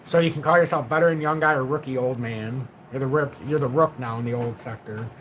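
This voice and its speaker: A middle-aged man hosting a casual livestream from home, reading viewer comments in a deliberately low, calm voice. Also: slight background noise, low-quality recording. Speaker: livestream host.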